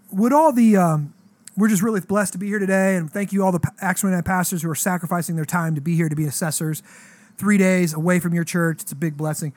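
A pastor in his thirties telling a story in casual chat, animated and slangy, acting out the voices in his dialogue. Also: high-pitched.

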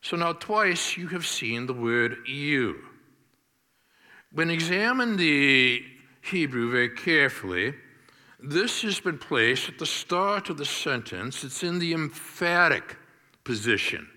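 A male pastor delivers a sermon at an unhurried pace, leaning hard on key words. His voice is strikingly bright and forceful. It rings out with a long hall reverb. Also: a little high, very animated. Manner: deliberate, emphatic preaching with stressed key words.

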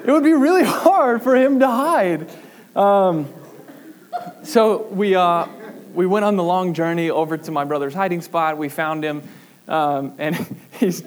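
Young male preacher, slightly higher voice, relaxed conversational sermon delivery with a storytelling touch. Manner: casual, chatty storytelling with fillers and laughs; measured scripture reading.

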